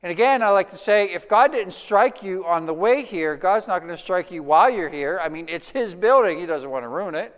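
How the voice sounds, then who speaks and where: Pastor guy preaching casual, kinda high smooth voice, lots of restarts, big echoey church. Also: brisk, hardly any pauses. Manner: conversational, animated storytelling with restarts. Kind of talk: sermon.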